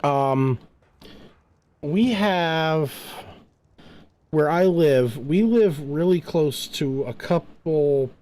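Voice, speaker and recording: A man's voice: a little high, expressive, very slow, pauses often, a little mellow. A middle-aged man from New Jersey, rambling through a casual chat while gaming and telling stories with lots of filler words. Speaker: streamer.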